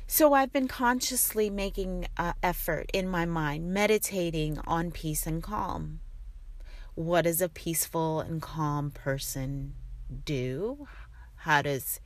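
A middle-aged woman talking in a soft, rambling, reflective way, with many fillers. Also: sits low, takes it slowly, no room sound. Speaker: vlogger. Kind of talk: reflective casual monologue.

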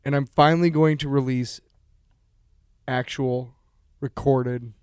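A man's voice: mid-range voice, fairly even intonation, takes it slowly, darkish tone, clear, resonant tone, no room sound, studio quality. A man co-hosting a podcast, talking in a loose, profane, rambling way. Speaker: podcast co-host and musician. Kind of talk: casual podcast chat.

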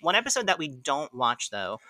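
A man's voice: a little high, very animated, normal speed, pushed and bright. A man hosting a casual review podcast, recapping plot and laughing often as he talks. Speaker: podcast host.

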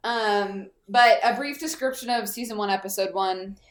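On a podcast, this woman co-host chats about an episode of a children's TV show, filling her recap with plenty of fillers. She has a mid-range voice and talks at normal speed.

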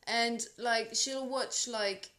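A woman's voice: fairly high pitch, steady tone, slow pace, sharp tone, roomy sound. A French woman speaking English with a French accent, chatting casually and teasingly as a podcast co-host. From France. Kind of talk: casual chat.

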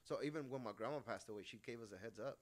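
Man, middle-aged, quick delivery, casual podcast guest, profane, storytelling. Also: medium pitch. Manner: profane, laughs often, storytelling. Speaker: podcast guest, tattoo artist. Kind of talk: casual chat.

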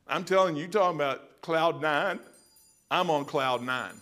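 High-voiced folksy preacher man. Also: moderate pace, a bit bright. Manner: folksy, storytelling, emphatic, addresses listeners as "man". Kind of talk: sermon.

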